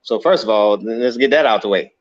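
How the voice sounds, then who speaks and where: A man joining a casual live chat as a guest, relaxed and bantering. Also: lowish voice, fast, no echo, highs cut off. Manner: relaxed, laid-back banter.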